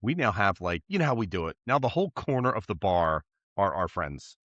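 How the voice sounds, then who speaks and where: A man's voice: on the low side, very animated, brisk, fairly bright tone, no echo, dull audio. A man co-hosting a podcast who tells a long story in a casual, rambling way, laughing as he goes. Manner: rambling, laughing anecdote teller. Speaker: podcast co-host.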